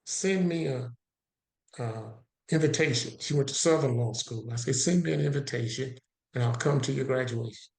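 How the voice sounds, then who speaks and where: A man's voice: mid-range voice, moderate pace, creaky, reverberant. A man telling a personal story as a guest on an interview podcast, acting out both sides of the conversation. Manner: animated storyteller who acts out both sides of a dialogue.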